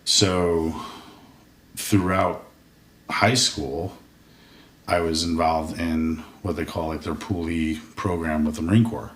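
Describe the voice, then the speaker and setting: A man's voice: low-pitched, steady tone, slow pace, pauses often. A man guest on a podcast, telling a rambling, profane story with many restarts in a casual interview. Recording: roomy echo, distant mic.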